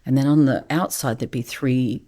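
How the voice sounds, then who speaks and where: A middle-aged woman, a guest on a podcast and a vocalist, telling a story in a soft, hushed, often breathy way. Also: very deep voice, moderate pace. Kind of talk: reflective storytelling.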